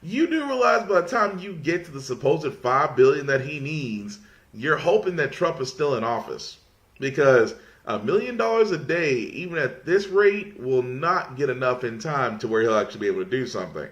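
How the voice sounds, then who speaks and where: A man's voice: medium pitch, lively intonation, moderate pace, a bit bright. A man hosting a casual podcast, mocking his subject, rambling and restarting often as he fights off laughter. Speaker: podcast host.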